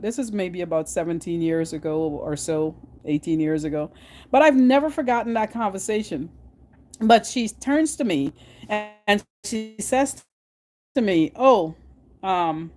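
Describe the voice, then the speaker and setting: A middle-aged woman from Guyana with a Guyanese accent, chatting to her vlog audience in an animated, storytelling way with frequent restarts. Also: mid-range voice, moderate pace. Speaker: vlogger. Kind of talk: casual monologue.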